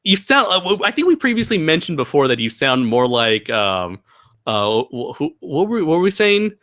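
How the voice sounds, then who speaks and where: Guy hosting a live q&a, rambly and laughy, lively up and down voice, dry sound. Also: fairly high pitch, normal speed, dry recording. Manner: rambling, laughs often, reads chat aloud. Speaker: livestream host. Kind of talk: casual livestream Q&A chat.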